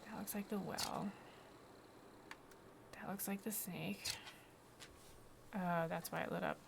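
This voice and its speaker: A woman streaming a video game, chatting casually to herself, with mild swearing, over loud game music. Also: lowish voice, steady tone, slow, vocal fry, background noise. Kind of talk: casual gameplay commentary.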